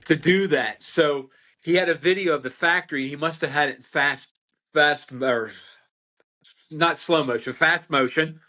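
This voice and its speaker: A man's voice: fairly high pitch, moderate pace, pushed and bright. An older American man, a veteran butcher, telling rambling stories as a podcast guest, with frequent restarts and laughs. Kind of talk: casual storytelling interview.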